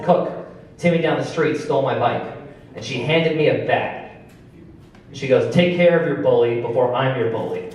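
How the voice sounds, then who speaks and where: Stand-up comic in an echoey club. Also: male voice, mid-range voice, a little mellow, distant mic. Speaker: stand-up comedian. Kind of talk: stand-up storytelling. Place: comedy club stage. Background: audience laughter.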